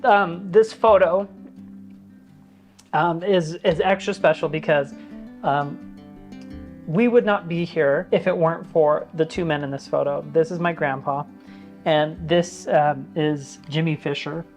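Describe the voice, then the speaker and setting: A man's voice: a little high, unhurried, faint music behind. A man talking casually to his viewers, chatty and earnest, telling stories with plenty of fillers. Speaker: vlogger giving an office tour. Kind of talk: casual tour chat to camera.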